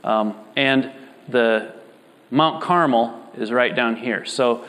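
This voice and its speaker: A male pastor giving a sermon, reading scripture with expression and then explaining it in a loose, halting, conversational way. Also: mid-range voice, fairly bright tone, in a large hall.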